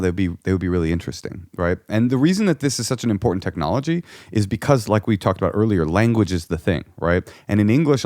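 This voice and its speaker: A man's voice: low voice, no room sound, studio quality. A man in casual conversation telling a long story and acting out the people in it. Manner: animated storyteller, acts out voices. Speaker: guest comedian.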